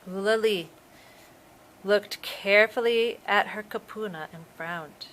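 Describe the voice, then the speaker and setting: A woman, a preschool teacher, reading a storybook aloud to young children in a slow, expressive way. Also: mid-range voice, background noise.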